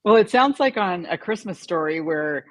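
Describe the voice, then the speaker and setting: A woman guest commentator chatting casually with a talk show host, quick and dry-humored. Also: fairly low pitch, lively intonation, no room sound. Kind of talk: casual interview chat.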